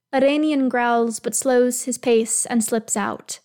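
Woman reading fanfic out loud, calm and even, slightly high voice. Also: slow pace. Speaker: reader. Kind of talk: reading fan fiction aloud.

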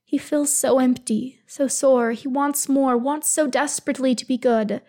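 A woman calmly reading fan fiction aloud, telling the story in an even voice. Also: sits high, moderate pace. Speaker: reader.

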